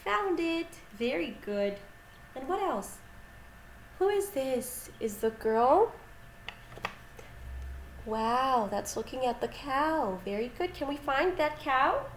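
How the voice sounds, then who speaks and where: Brief: young woman who teaches kids, sing-song and lively, faint ambience behind. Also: high voice, takes it slowly, pauses often, a little hiss or hum. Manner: sing-song, animated, makes animal sounds. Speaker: children's English teacher. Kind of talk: lively lesson for young children. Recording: echoey room with faint ambience.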